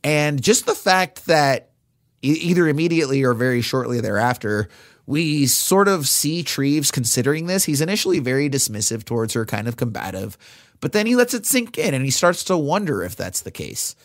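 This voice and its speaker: A man's voice: mid-range voice, big pitch swings, moderate pace, dry recording, clean studio sound. A male podcast co-host casually recapping a film scene by scene, with many fillers.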